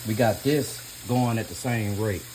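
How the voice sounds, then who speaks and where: A man's voice: fairly low pitch, a little slow, noisy background. A man hosting a casual cooking vlog, chatty and slangy, calling his viewers y'all all the time. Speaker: cooking vlogger.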